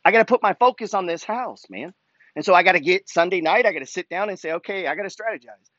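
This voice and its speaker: A high-pitched, expressive man talks fast in a slightly bright voice, recorded dry with the highs cut off. He's hosting a money talk show, reading follower emails and ranting pushily with plenty of fire and nonstop profanity as motivation.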